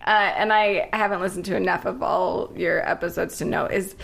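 A woman's voice: on the low side, fairly even intonation, moderate pace, gravelly, fairly bright tone. A woman guest in a casual podcast chat, giggly and chatty with lots of fillers.

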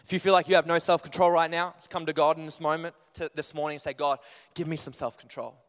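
A young man preaching a sermon in a church, telling stories in an animated way that climbs higher and louder as he gets going. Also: fast. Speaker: pastor. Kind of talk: sermon with personal storytelling. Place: church hall. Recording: long hall reverb.

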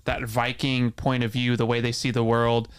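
A man's voice: medium pitch, completely flat delivery, normal speed, clean tone. A man co-hosting a podcast, chatting enthusiastically about movies with a lot of "like" fillers. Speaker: podcast co-host. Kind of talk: casual movie review chat.

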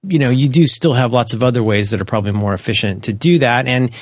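A man co-hosting a casual tech podcast, talking in animated bursts with skeptical, self-deprecating asides, on a close microphone. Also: medium pitch, fast talker, no echo. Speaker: podcast co-host.

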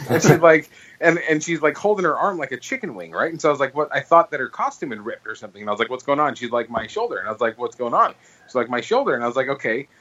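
A young adult man co-hosting a podcast, telling a story in a lively casual chat and swearing freely. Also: medium pitch, racing, highs cut off. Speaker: podcast co-host.

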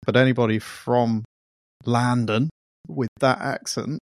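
A man's voice: medium pitch, steady tone, a little slow, dry recording. A man co-hosting a podcast in casual chat, with dry, teasing banter. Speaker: podcast co-host.

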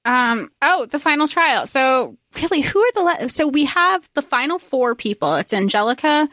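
Podcast cohost woman, pitch jumps all over, dry close sound. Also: dry recording. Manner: animated, exasperated asides and quick reactions. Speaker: podcast co-host. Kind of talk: casual book discussion.

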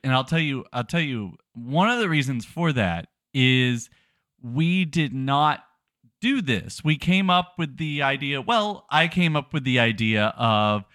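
A podcast co-host with a mid-range, fairly bright voice chats casually on a podcast microphone, recorded in a dry, clean studio. He's rambling and self-deprecating, frequently restarting what he says.

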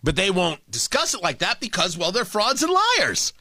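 A combative male talk host delivers a sarcastic political monologue. His voice sits high and swings widely in pitch. The tone is bright and the sound dry and close. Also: huge pitch swings, normal speed, no room sound.

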